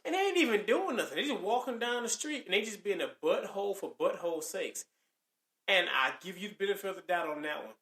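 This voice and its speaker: Male podcast co-host, casual and animated, acts out quoted lines; echoey room. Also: sits high, fast talker. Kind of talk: casual chat.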